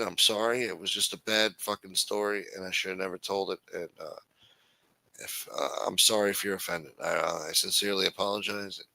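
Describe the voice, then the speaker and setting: A man's voice: on the low side, gravelly, sharp tone, low-quality recording. A man hosting a livestream, ranting in an angry, profane, blunt manner. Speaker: host. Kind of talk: livestream political rant.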